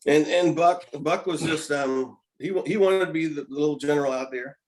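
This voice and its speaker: A man in his fifties, a podcast guest, telling animated stories in casual chat, often chuckling and repeating words. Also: a little high, moderate pace, low-quality recording. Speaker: podcast guest, former pitcher. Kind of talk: casual storytelling.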